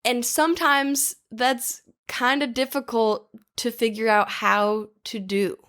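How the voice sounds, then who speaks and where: A woman's voice: fairly high pitch, steady tone, slow pace, fairly bright tone. A woman hosting a podcast, talking in an upbeat, casual way. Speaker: podcast host.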